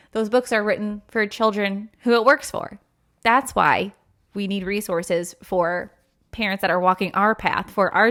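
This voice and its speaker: A woman hosting a faith podcast, talking earnestly and emotionally about her own experience, with many fillers and acted-out quotes. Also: fairly bright tone. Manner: acts out quoted voices with sudden pitch jumps. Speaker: podcast host. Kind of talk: personal faith podcast monologue.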